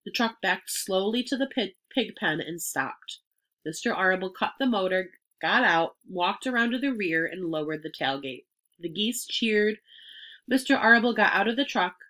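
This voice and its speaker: Bright-voiced woman reading a storybook. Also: mid-range voice, expressive, normal speed. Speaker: reader. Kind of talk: storybook read-aloud.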